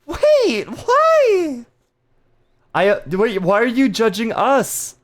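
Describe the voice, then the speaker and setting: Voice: mid-range voice, normal speed. A live streamer chatting casually with viewers, playful and giggly with crude jokes.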